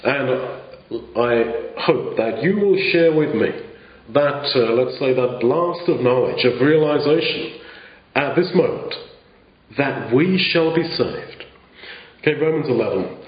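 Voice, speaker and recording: A man preaching a sermon in an earnest, halting way, often restarting his phrases. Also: medium pitch, animated, echoey room, muffled recording.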